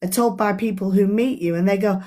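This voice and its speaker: A woman's voice: medium pitch, brisk, warm tone. A middle-aged woman, a life coach, leading an earnest, chatty book club discussion on a live stream and talking straight to her audience.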